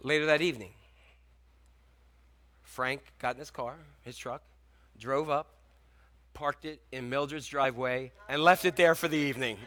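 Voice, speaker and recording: A man's voice: mid-range voice, moderate pace, pauses often, a bit bright. A man preaching a sermon in a conversational way, asking the congregation questions and telling stories. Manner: conversational, asks the congregation questions, tells anecdotes. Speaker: pastor.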